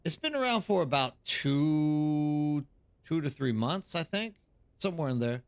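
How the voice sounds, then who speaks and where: A man's voice: on the high side, expressive, a little slow, smooth, dry recording, soft background music. A tired man live streaming, chatting casually and rambling as he answers viewers in the chat.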